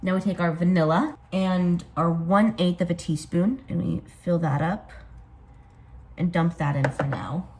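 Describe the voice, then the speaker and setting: A woman filming a casual baking vlog in her home kitchen, excitable and quick to gasp and exclaim. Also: lowish voice. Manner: excitable, gasps and exclaims often. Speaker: vlogger.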